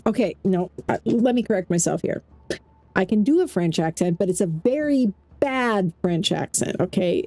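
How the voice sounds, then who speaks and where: A woman giving casual, chatty let's-play commentary as a game streamer, thinking out loud as she plays. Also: lowish voice, dry recording. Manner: chatty, thinks aloud while playing.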